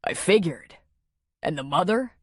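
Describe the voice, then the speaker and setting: A woman narrator voicing a steady, protective grown man with a firm, commanding way of talking in an audiobook. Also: lowish voice, a little slow, slightly rough, dry recording, clean studio sound. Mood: gentle. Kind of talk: audiobook character voice.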